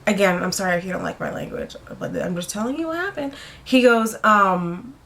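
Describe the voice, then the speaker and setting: A woman's voice: medium pitch, animated, brisk, fairly bright tone. A young woman in her twenties tells a wild story straight to the camera. Her talk rambles, packed with "like" and casual swearing, and she has a middle-range voice. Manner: rambling, heavy on "like" fillers, swears freely. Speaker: vlogger.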